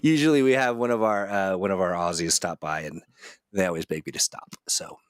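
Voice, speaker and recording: A man's voice: deep voice, a little fast, clear, resonant tone, no room sound, studio quality. A man hosting a casual interview over a video call, chatty and restarting his sentences often. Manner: chatty, with frequent restarts and fillers. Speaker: host.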